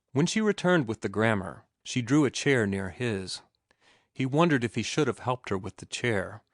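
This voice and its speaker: A man narrating a classic novel in an even, measured reading. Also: fairly low pitch, no echo, studio quality. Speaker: audiobook narrator. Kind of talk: scripted narration.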